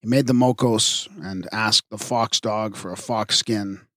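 A man narrating an audiobook of myths in a measured, even reading. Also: fairly low pitch, no room sound, clean studio sound. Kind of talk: scripted narration.

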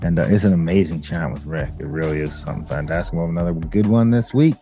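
Male co-host, low voice, soft warm tone, faint music behind. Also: fast. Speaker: podcast co-host. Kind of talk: casual chat and show promo.

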